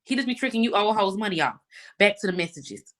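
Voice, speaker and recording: A woman chimes in fast with blunt, joking remarks. Her pitch swings all over the place as she talks. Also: animated, a bit bright. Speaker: friend chiming in.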